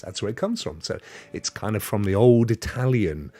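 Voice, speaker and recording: Male stream host, lively swooping pitch, playful and rambling. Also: normal speed, no echo, soft background music. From Devon, England. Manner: rambling, playful, spins tall tales. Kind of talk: casual livestream chat with viewers.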